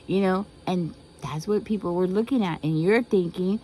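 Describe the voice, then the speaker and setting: A woman delivers a tarot reading in a mellow, warm voice. She talks emphatically, repeats phrases and keeps asking rhetorical questions. Faint crickets chirp in the background. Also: on the low side, normal speed, few pauses, slight background noise, rough recording. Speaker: tarot reader.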